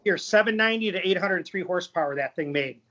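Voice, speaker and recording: A man's voice: high-pitched, fast talker, pushed and bright, muffled recording. A man hosting a casual interview, easygoing and plain-spoken. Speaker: host.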